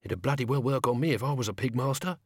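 A man's voice: mid-range voice, fast, husky, no echo, studio quality, lightly acted. A man reading a storybook, voicing a blunt, cheeky old male servant who talks to his master.

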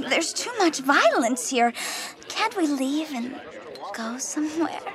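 A woman voicing an eager, lovestruck young alien woman with a breathy, sighing way of talking. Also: high-pitched, expressive, takes it slowly, crowd noise, heavily acted. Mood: weary. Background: music.

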